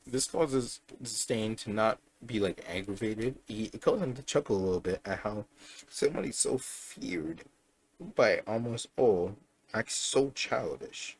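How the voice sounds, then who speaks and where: A man's voice: lowish voice, measured pace. A young man casually improvising a fan story aloud, rambling and correcting himself as he goes. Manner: rambling, self-correcting, chatty.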